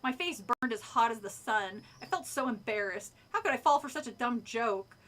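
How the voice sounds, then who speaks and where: A woman streamer reading a spooky kids' book aloud, breaking off to chat and comment in an animated, casual way. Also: on the high side, normal speed.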